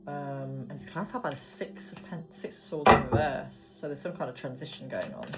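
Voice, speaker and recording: A woman's voice: extremely low pitch, big pitch swings, brisk. A woman giving a casual tarot card reading, chatty and swearing casually as she talks. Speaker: tarot reader. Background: background music.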